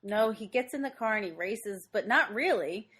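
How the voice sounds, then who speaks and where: A woman's voice: medium pitch, expressive, normal speed, fairly bright tone, husky. A woman co-hosting a podcast, recapping a movie in casual chat and acting out its lines with animation. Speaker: podcast co-host.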